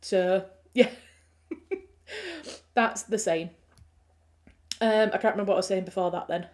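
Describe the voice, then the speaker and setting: A woman's voice: mid-range voice, very animated, unhurried, a little mellow. A woman with a Yorkshire accent, a writer hosting a livestream, chatting casually and rambling as she reads out comments, laughing often. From Yorkshire, England.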